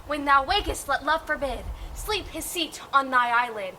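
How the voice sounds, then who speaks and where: A mischievous sprite, played by a woman, chants rhymed spells in a very high voice. The voice rings out from an outdoor stage in a town square with steady background noise. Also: normal speed. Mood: spellcasting. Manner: declaiming rhymed verse. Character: mischievous male sprite, Puck. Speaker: stage actor. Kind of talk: outdoor Shakespeare stage acting.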